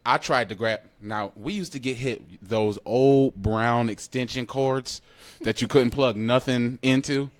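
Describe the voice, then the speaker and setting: A man, co-hosting a podcast in casual chat, animated and laughing as he acts out quotes. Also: mid-range voice, unhurried, dry recording. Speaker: podcast co-host.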